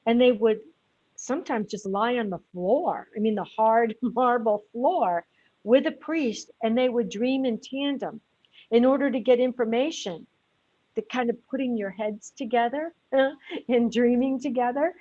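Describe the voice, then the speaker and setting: A woman hosts a radio interview, speaking in a measured, explanatory way. Her voice sits a little high. The sound is dry and close, with slightly muffled audio. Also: dark tone, dry recording. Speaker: host.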